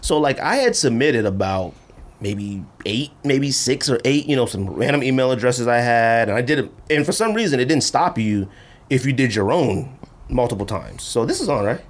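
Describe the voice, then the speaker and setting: A man hosting a casual podcast, telling a long story in an animated way and acting out the voices he quotes. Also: moderate pace. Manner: animated, acts out quoted voices with big pitch jumps. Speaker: podcast host.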